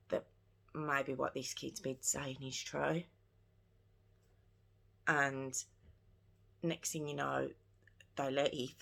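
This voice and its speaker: A woman tells a true crime story on her vlog, going over the case earnestly in her own words. Her voice sits low with a gravelly edge, and she takes her time. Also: pushed and bright.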